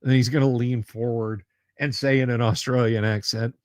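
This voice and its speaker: A man's voice: mid-range voice, fairly even intonation, normal speed, a little mellow, no room sound, clean studio sound. A man hosting a tabletop gaming livestream in rambling, jokey casual chat, laughing often. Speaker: livestream host.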